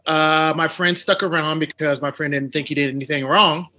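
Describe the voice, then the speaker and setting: A man appearing as a guest on a video call, telling a story with many pauses and ums. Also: on the high side, steady tone, bright, forceful tone. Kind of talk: storytelling on a podcast.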